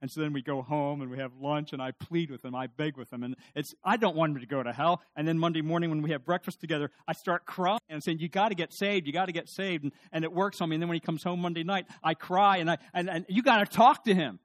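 A man voicing a distraught wife who pleads and rushes her words about her husband's soul, in a sermon anecdote. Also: a little high, steady tone, no echo, lightly acted. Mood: pleading.

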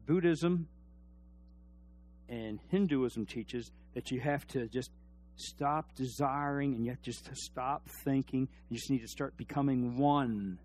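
A man preaching a sermon, dropping to a near hush and then rising to loud, emphatic shouts, and putting questions to his congregation. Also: mid-range voice, a little slow. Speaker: pastor.

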